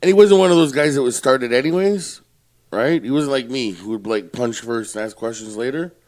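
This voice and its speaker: A man's voice: mid-range voice, a little fast, darkish tone. A man and former bouncer telling blunt, profane stories in casual podcast chat. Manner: blunt, profane, tells tough-guy stories.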